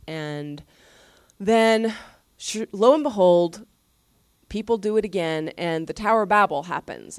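A woman pastor preaching a sermon in a conversational, animated way, often restarting and adding asides. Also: mid-range voice, no room sound, clean studio sound.

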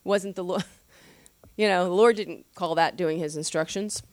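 A woman pastor teaching from the Bible in a casual, conversational way, with animated slangy asides and frequent laughs. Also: fairly low pitch, unhurried, no room sound, studio quality.

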